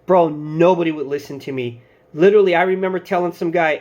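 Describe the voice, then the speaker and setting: Casting note: man in his thirties, higher-pitched, relaxed advice-giving storyteller. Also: fast talker, lo-fi sound. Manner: loose storytelling, acting out quoted bosses and coworkers. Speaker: security channel host giving advice. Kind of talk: casual advice talk to camera.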